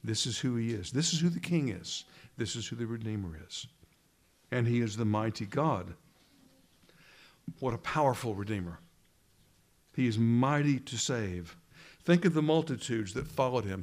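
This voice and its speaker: Man preaching an emphatic sermon. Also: animated. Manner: earnest, emphatic preaching with dramatic pauses; acts out quoted speech in a low, hushed voice.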